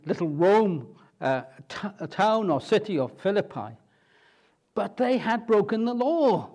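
Animated preacher, lively pitch. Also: male voice. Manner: expressive, dramatizing the scripture with repeated questions. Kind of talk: sermon.

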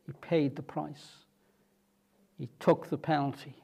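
Male preacher, slightly high voice, building to emphatic peaks, trailing off low at ends of phrases, asks rhetorical questions. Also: little pitch movement, a little slow, creaky, pauses often, mellow. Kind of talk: sermon.

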